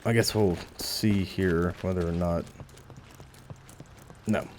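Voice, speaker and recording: A man's voice: deep voice, fairly even intonation, takes it slowly, a little mellow, a little hiss or hum. A man casually commentating as he plays a video game, musing aloud with dry asides. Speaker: gameplay commentator. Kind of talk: casual let's play commentary.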